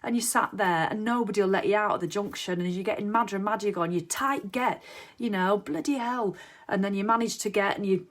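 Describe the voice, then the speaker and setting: A woman's voice: mid-range voice, fairly even intonation, rapid-fire, hardly any pauses. A woman giving a casual motivational monologue, chatty, swearing freely and acting out everyday scenes. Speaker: motivational vlogger.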